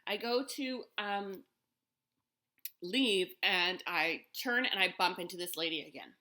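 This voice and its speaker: A woman's voice: on the low side, expressive, a little slow, pushed and bright. A woman telling a personal story to the camera in a casual, rambling way, with lots of fillers and restarts.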